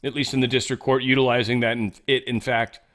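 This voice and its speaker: A man's voice: mid-range voice, little pitch movement, fast, a bit bright. A man hosting a podcast, giving casual commentary in a sarcastic, rambling way and swearing often. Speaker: podcast host.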